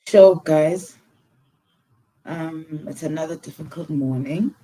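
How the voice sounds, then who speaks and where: A woman hosting a live stream in casual talk, halting and teary, often sighing and pausing. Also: sits low, warm tone, poor audio. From South Africa. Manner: halting, with many sighs and pauses. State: teary, close to crying.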